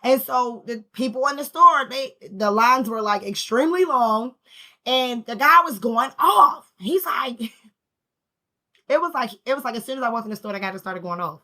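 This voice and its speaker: A middle-aged woman telling a story in a casual, animated way and acting out the people she quotes. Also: on the high side, moderate pace. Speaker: spiritual vlogger.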